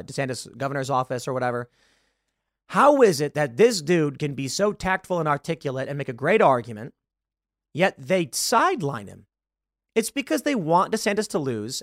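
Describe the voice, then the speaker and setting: Guy in his 30s ranting on a podcast, voice jumps all over, bit higher pitched. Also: no echo, studio quality. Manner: animated, ranting, mocking put-on voices. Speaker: podcast host. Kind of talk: political commentary rant.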